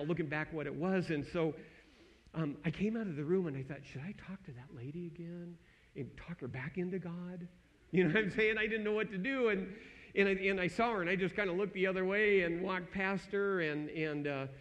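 Earnest man with a higher voice. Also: dull audio. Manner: earnest, drops to a hushed tone for quoted thoughts. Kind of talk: personal testimony sermon.

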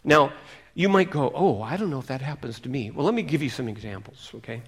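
A middle-aged man preaching a sermon, reading scripture with emphasis and dropping to hushed asides. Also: mid-range voice, lively intonation, brisk, breathy edge. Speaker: pastor.

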